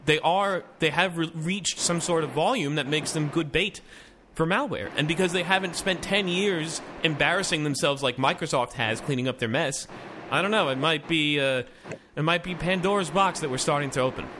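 A man's voice: fairly high pitch, moderate pace. Chatty man hosting a noisy tech podcast. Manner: reads news items with loose asides, restarts and fillers. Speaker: podcast host. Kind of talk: casual tech podcast chat.

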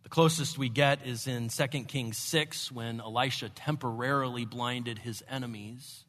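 A man preaching a sermon, expressive, moving between hushed and emphatic delivery. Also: medium pitch, moderate pace. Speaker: pastor. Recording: long hall reverb.

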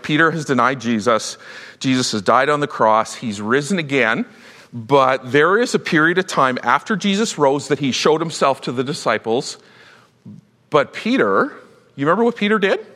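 A male pastor preaching a sermon, telling a Bible story with lively acted-out voices. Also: medium pitch, moderate pace, in a large hall. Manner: animated storytelling, acts out Bible characters.

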